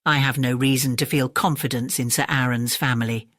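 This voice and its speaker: The narrator voicing a placid, sneering manservant in a bedtime audiobook, in a clear, even tone. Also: mid-range voice, a little fast, no room sound, studio quality, lightly acted.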